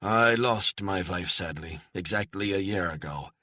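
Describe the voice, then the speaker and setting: A male narrator does a friendly retired German gentleman, talkative and openly enthusiastic. The voice sits higher than the narrator's deep register, with a rough, husky grain and a dry, close sound. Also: a little slow, no echo, heavily acted. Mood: wistful. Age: older. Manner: chatty and warm, enthusing.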